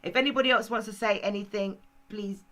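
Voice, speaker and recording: A woman's voice: medium pitch, fairly even intonation, fairly quick, sharp tone, low-quality recording. A woman hosting a casual group chat, rambling and laughing easily. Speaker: host.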